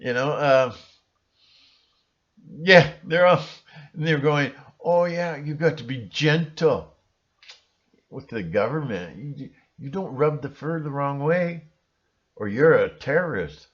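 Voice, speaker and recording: A man hosting his own channel, talking in a rambling, sarcastic monologue with sudden shrill outbursts. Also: expressive, slow pace, long pauses, lo-fi sound. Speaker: channel host.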